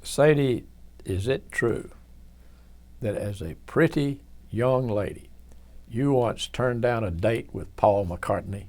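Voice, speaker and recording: A man interviewing a guest for an oral history, asking brief, measured questions. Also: mid-range voice, a little mellow.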